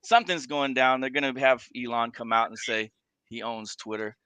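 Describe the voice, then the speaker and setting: Bright-voiced male co-host. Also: medium pitch, steady tone, normal speed, clear, resonant tone, no echo. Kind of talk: casual chat.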